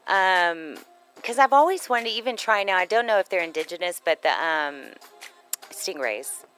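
A woman's voice: on the low side, animated, normal speed, a bit bright, soft background music, rough recording. A woman co-hosting a casual chat, playful and jokey, laughing often. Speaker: co-host.

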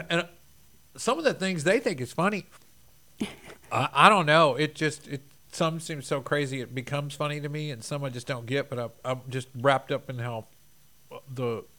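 A man's voice: a little high, moderate pace, sharp tone. A man from Texas chatting casually as co-host, rambling with lots of fillers and restarts. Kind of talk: casual chat.

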